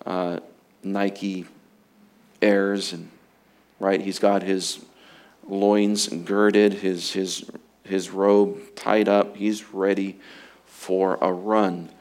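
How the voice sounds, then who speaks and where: A man preaching a sermon in an earnest way, slowing and rising for emphasis, then dropping low and quiet. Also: little pitch movement. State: emotional, fighting to get through.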